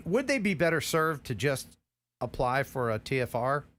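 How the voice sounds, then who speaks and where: A man's voice: medium pitch, big pitch swings, moderate pace, fairly bright tone, slight background noise. A man hosting a casual live stream, joking and blunt as he chats with guests. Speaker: host.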